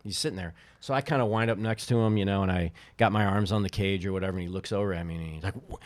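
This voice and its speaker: A middle-aged man, a podcast guest, telling baseball stories in a casual chat and jumping up in pitch when he quotes people. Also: fast talker, hardly any pauses, no room sound. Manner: animated storyteller, quotes others in lively bursts. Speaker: podcast guest, former baseball team owner.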